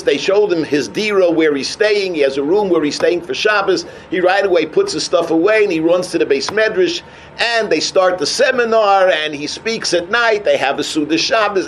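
A man with a giving a sermon as an animated storyteller who mixes in Hebrew and terms. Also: high-pitched, normal speed, slight background noise, poor audio. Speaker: rabbi.

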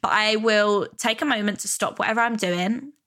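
A podcast host with a mid-range voice talks at normal speed, her tone pushed and bright. In this casual self-help monologue she chats about money stress, filling her speech with "you know" and "like."

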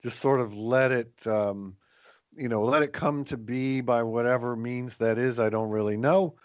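A man co-hosting a reflective spiritual talk about recovery, speaking in a thoughtful, measured way with some restarts. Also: medium pitch, fairly even intonation, no room sound, lo-fi sound. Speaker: podcast co-host in recovery.

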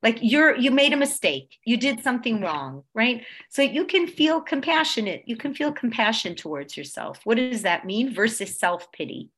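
A woman leads a conversational religious class. She swings from loud, emphatic peaks to soft, low stretches, and often checks that her listeners are following. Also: very animated, moderate pace, few pauses. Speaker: Torah class teacher.

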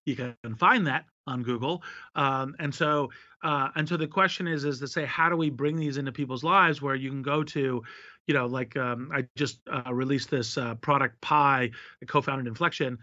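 A tech investor appearing as a guest answers an interviewer's questions at length, expansive and speaking in running lists and acted-out examples. His medium-pitched voice is bright and forceful at normal speed, and the recording is dry, dull and slightly lo-fi.

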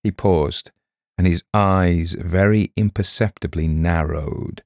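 A man narrating a mystery novel in a steady, measured reading. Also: low-pitched, gravelly, no room sound, clean studio sound. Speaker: audiobook narrator. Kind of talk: scripted narration.

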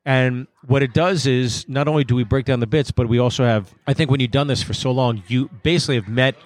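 A man chats as a guest at a comedy club roundtable. His voice sits in an average pitch. He is loose and conversational, swears freely and restarts his sentences. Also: steady tone, a little fast, no room sound. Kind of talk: casual chat.

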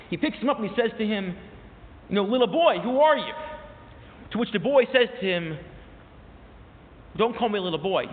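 A man's voice: high voice, slight background noise. A man preaching a sermon as a rabbi, impassioned, his voice rising sharply on repeated questions. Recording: tinny, echoey hall recording.

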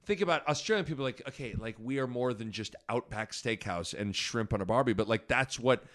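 A man's voice: mid-range voice, animated, brisk, fairly bright tone. A man co-hosting a casual sports podcast, rambling through his points with lots of fillers and restarts.

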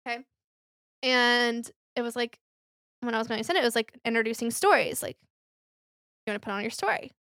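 Young woman, casual podcast chat, higher voice, dry close sound, candid storyteller. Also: lively intonation, fairly quick, long pauses, fairly bright tone, no echo. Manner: candid storytelling, acts out quoted voices, many fillers. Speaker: podcast co-host.

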